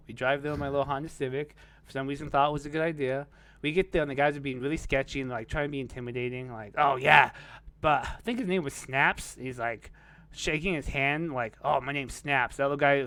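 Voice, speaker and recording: A man's voice: mid-range voice, fairly bright tone, no room sound. Rambling young man telling a story. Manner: rambling, many "like"s and curse words, laughing at his own story. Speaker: podcast host telling a story. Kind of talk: casual storytelling.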